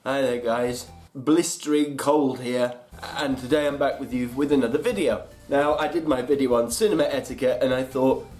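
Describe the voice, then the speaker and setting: Young British vlogger, sarcastic and chatty, mid-pitch, slightly under the weather, light music behind. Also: male voice, steady tone, moderate pace, a little mellow. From United Kingdom. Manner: chatty, sarcastic, jumps into silly voices. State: unwell, congested. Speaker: comedy vlogger. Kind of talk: comic vlog monologue.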